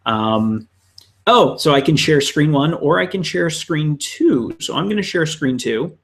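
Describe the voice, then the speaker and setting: A man talks his way through a drawing on a live stream, rambling and muttering to himself with plenty of ums. He speaks slowly, but his pitch swings widely up and down. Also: expressive, creaky. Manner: rambling, self-talking, scattered fillers. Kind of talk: casual live-stream commentary while drawing.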